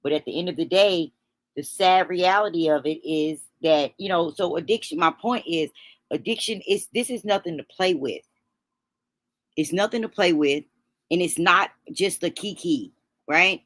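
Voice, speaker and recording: A grieving woman speaks in a low, husky-edged register, her words halting and full of restarts as she sniffles back tears. The sound is dry and close, with no room around her. She hosts a livestream and talks straight to her viewers. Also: fairly bright tone, dry recording. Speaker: livestream host. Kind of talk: emotional livestream talk.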